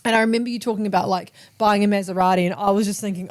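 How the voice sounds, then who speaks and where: An Australian woman in her thirties hosts a casual podcast and tells a story. She talks in a lively way, swears freely and acts out the people she quotes. Her voice sits at an ordinary middle pitch. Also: quick pace. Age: 30s. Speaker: podcast host.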